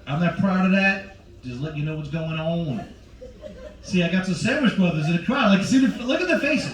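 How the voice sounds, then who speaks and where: A man's voice: high-pitched, expressive, normal speed. A middle-aged male stand-up comedian in a cruise ship show lounge, brashly teasing the audience as he works the crowd. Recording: roomy, distant, faint crowd ambience.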